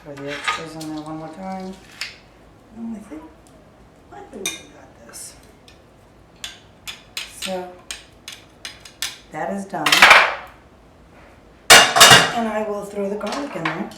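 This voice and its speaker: A woman with a lowish voice chats her way through a recipe, thinking out loud as she chops and stirs. She stands back from the mic in a roomy, echoey kitchen, with loud clatter of pots, utensils and drawers around her. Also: lively intonation, measured pace, long pauses, recorded from a distance, heavy background noise. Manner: chatty, thinking aloud as she works. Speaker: home cook. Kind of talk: casual cooking demonstration. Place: home kitchen. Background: clattering dishes, utensils and drawers.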